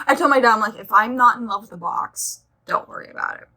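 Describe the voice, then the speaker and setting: A woman's voice: a little high, lively intonation, fast, hardly any pauses, bright, forceful tone. A young woman chatting casually as she reviews her nail polish collection, gushing and rambling into side stories.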